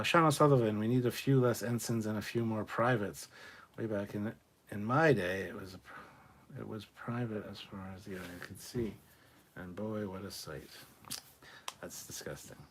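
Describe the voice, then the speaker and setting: A man's voice: fairly low pitch, moderate pace, fairly bright tone, slight background noise. A man hosting a casual live stream, reading out and answering viewer chat messages with loose jokes and the odd swear. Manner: joking, swears, chats loosely.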